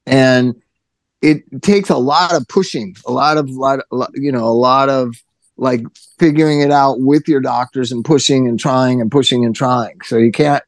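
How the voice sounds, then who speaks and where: A male podcast host in casual chat, telling stories in an animated way, swearing and swinging his pitch widely. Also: creaky, no room sound.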